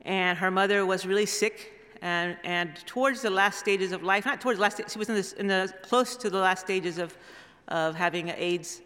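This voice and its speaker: A woman speaks as a guest preacher in a church hall, her voice bright and forceful. She tells her stories in a loose, rambling way, circling back with restarts and asides. A long reverb trails each phrase. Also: mid-range voice, normal speed, hardly any pauses. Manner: rambling, warm storytelling with restarts. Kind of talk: storytelling sermon.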